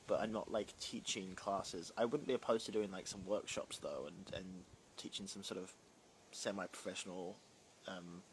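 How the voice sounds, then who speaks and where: This rough recording, with a little hiss or hum, captures a young man's lowish voice. He's a drag performer chatting on a livestream, reading fan comments and answering them with plenty of fillers and rambling digressions.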